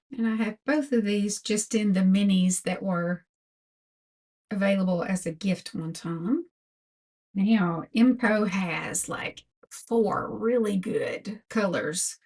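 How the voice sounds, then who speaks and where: Older female beauty vlogger, unhurried, faint music underneath. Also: mid-range voice, darkish tone, slightly rough. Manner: slow, chatty product talk. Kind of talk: makeup tutorial.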